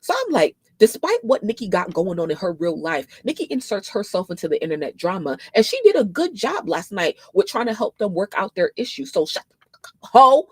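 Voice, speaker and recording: A woman hosting a casual livestream, talking bluntly with lots of swearing, moving from quiet explaining to loud scolding of commenters. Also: mid-range voice, very animated, brisk, hardly any pauses, husky, no echo. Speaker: livestream host.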